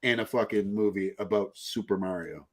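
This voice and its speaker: A man's voice: fairly low pitch, moderate pace. A man hosting a podcast, chatting casually in a rambling, profane way. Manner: rambling, profane, puts on mocking voices. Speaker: podcast host. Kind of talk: casual chat.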